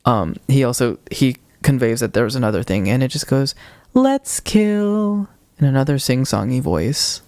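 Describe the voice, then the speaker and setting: A young man on a podcast, retelling a ghost-hunting video with animated quoted voices in casual storytelling. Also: medium pitch, fairly quick, hardly any pauses, no room sound, clean studio sound. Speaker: podcast co-host.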